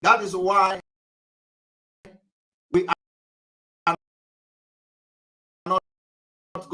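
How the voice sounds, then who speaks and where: Emphatic political commentator, scolding tone, bright and highly animated. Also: normal speed, pauses often, low-quality recording. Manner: emphatic, scolding, asks repeated rhetorical questions. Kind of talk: livestream commentary, lecturing viewers.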